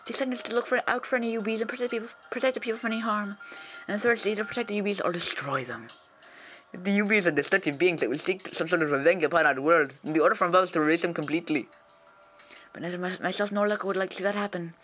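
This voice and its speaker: A man voicing the composed female chief of a secret police unit, speaking softly in a measured, formal way. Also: high voice, a little hiss or hum.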